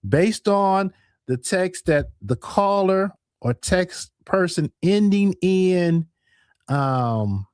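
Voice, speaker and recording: A man hosting a livestream in a casual, animated way, laughing often as he reads and answers his viewers' comments. His pitch leaps up and down expressively. The sound is close and dry, with no room echo. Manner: animated, laughs often, talks back to chat. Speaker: livestream host. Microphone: headset or desk mic with earphones.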